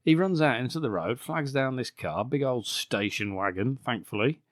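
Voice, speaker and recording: A podcast host tearing through a bad movie's plot, sweary and sarcastic, often breaking into laughter. His voice sits at an ordinary middle pitch, recorded close and completely dry. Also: expressive, normal speed, no room sound. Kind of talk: casual sweary film recap.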